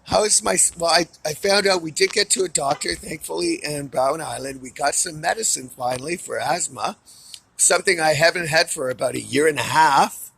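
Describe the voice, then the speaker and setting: A man's voice: fairly high pitch, normal speed, gravelly, fairly bright tone, a little hiss or hum, poor audio. A man giving a weekly update to camera in an angry, profane rant. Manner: furious, profane ranting.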